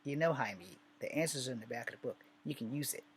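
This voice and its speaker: A condescending teacher lady, as a man puts her on. Her lines come out quick and offhand, close to his own mid-range voice. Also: mid-range voice, animated, slightly rough. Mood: dismissive. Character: condescending female Spanish teacher.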